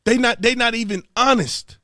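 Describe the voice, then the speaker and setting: A man's voice: very high voice, moderate pace, dry recording, studio quality. A man from Texas, hosting an exasperated political commentary rant and repeating his points. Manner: animated, exasperated, repeats himself. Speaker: commentary host.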